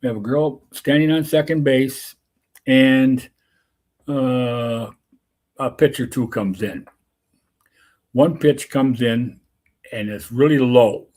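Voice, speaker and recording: A man who works as a softball umpire, telling a rambling anecdote full of restarts and asides. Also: mid-range voice, slow pace, pauses often. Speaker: softball umpire and show host. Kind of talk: casual storytelling.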